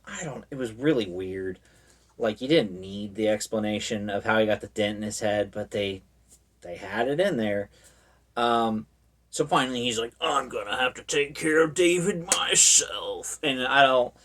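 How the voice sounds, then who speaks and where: A man's voice: lowish voice, distant mic. A man giving a casual, rambling recap of a horror movie, full of fillers and wry asides.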